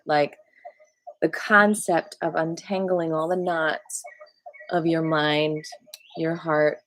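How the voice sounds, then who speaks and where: A woman giving a casual, rambling qigong meditation talk outdoors among trees, tired from a night up. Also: on the low side. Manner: rambling, relaxed, full of fillers. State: tired from staying up all night. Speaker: qigong teacher. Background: birds and rustling trees.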